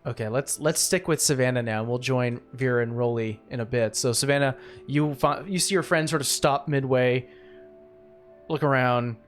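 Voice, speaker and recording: A man running a tabletop game as game master, describing scenes in a loose, rambling way full of fillers. His voice sits at an ordinary middle pitch, with soft music underneath. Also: fairly even intonation, normal speed.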